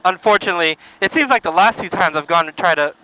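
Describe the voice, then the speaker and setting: A man's voice: sits high, quick pace, pushed and bright, a little hiss or hum, poor audio. A young man casually vlogging about a motorcycle ride, laid-back and swearing freely. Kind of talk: casual vlog chat.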